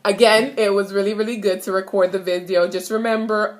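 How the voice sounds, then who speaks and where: A young Jamaican woman recording herself in her apartment, giving a casual lesson and repeating each phrase slowly. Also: mid-range voice, steady tone. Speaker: language teacher vlogger. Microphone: self-recorded camera.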